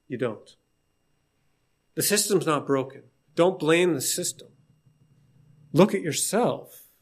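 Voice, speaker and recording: A man preaching an informal sermon in a conversational, emphatic way. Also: on the high side.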